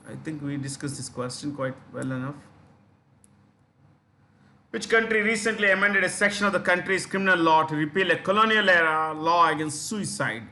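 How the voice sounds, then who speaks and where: Indian man teaching in a fairly high voice. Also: normal speed, bright, forceful tone. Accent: Indian English. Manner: explanatory, many fillers, repeats key terms. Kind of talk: exam-prep lecture.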